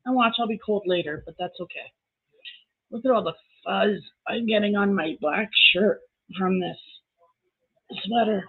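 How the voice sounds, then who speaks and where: A woman's voice: mid-range voice, a little slow, breathy edge. A Canadian woman hosting a casual live stream, chatting and greeting viewers by name. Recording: tinny phone-like audio.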